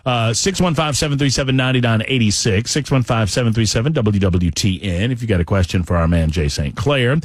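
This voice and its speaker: A man's voice: mid-range voice, expressive, fairly quick, few pauses, no echo. A man with a Southern accent hosting a call-in radio show, jovial as he reads out listener questions. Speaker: radio talk show host. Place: radio studio.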